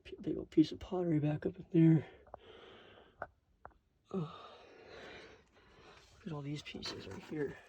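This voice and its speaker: A man vlogging while he crawls through a cramped desert rock cave, straining and exclaiming in excitement. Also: fairly high pitch, a little slow, long pauses, highs cut off, slight background noise. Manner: excitable, keeps exclaiming in wonder. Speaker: hiking vlogger. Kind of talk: casual handheld narration while exploring. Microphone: handheld camera he films with.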